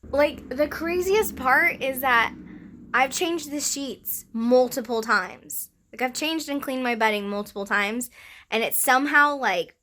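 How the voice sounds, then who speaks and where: A young woman vlogging in a casual, chatty way, giggling often and filling her talk with "like" and "um," with a slightly rough morning voice. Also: high-pitched, unhurried, bright, forceful tone. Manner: chatty, giggly, lots of fillers. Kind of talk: casual vlog chat.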